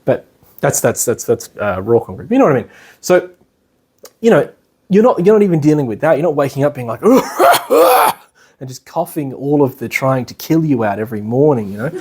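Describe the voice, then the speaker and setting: An Australian man giving a casual lecture, chatty and animated, with many fillers. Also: mid-range voice, moderate pace, slightly rough. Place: class in a meeting room.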